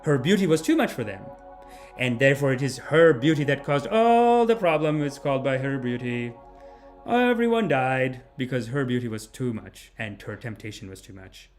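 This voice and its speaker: A man's voice: mid-range voice, expressive, normal speed, faint music behind, close to an everyday voice. A solemn old guru lays down his preachy verdict, as a podcasting man mocks him in a put-on voice. The tone is grave and self-important.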